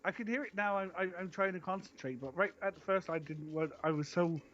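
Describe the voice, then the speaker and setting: A man's voice: sits high, fairly quick, fairly bright tone, highs cut off, slight background noise. A man with a Cornish accent chatting casually on a stream, hesitant and repeating his words. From Cornwall, England. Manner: hesitant, repeats words, calls others "my flower". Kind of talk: casual chat.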